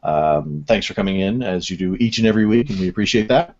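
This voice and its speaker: A man's voice: sits low, animated, fast talker, a little mellow. A man hosting a casual web radio show, rambling and self-deprecating as he runs through the segments. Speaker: host. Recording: dull lo-fi audio.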